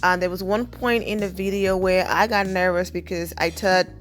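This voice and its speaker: A woman's voice: lowish voice, steady tone, moderate pace, faint music behind. A woman giving casual celebrity news commentary in a chatty style, often saying "you know".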